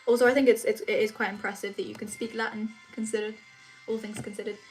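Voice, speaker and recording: A woman's voice: mid-range voice, level tone, fast, soft background music. A teenage girl from England chatting casually on a livestream as she reads and answers comments, often restarting her sentences. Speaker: livestream host. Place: home room.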